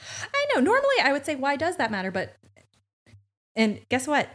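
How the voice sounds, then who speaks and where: A woman's voice: sits high, huge pitch swings, normal speed, fairly bright tone, soft background music. A woman co-hosting a podcast, recapping a TV episode in casual chat with sarcastic, swearing asides. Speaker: podcast co-host.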